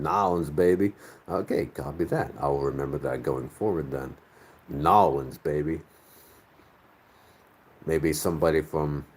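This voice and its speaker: A man's voice: rumbling low, a little mellow, husky. A man from the northern United States hosting a casual live chat, rambling and searching aloud for his words. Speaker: host. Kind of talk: casual live chat reading viewer comments.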